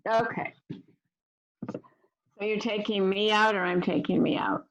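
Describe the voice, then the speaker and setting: A woman on a video call, chatting casually as a guest speaker and reading poetry slowly and deliberately. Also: mid-range voice, fairly even intonation, poor audio.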